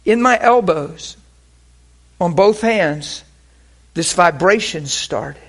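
A man preaching a sermon, telling a personal story with animated swings between hushed quoted prayer and loud, laughing bursts. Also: sits high, takes it slowly. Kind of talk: sermon testimony.

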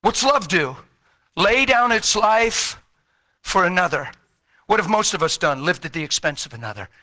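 High, bright, fervent male preacher. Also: lively intonation, moderate pace. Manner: fervent, exhorting, builds to shouts then drops low. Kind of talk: sermon.

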